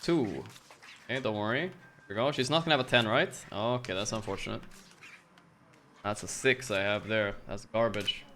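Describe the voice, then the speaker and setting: A male streamer giving live gambling commentary, excitable and profane, swinging between low grumbles and sudden outbursts. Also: normal speed, a little hiss or hum.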